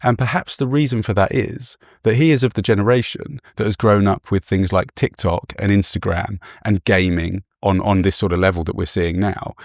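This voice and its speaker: English man, podcast host, lowish voice, dry close sound, chatty and bashful. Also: creaky, no echo. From England. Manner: chatty, self-deprecating, laughs often. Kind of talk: casual storytelling chat.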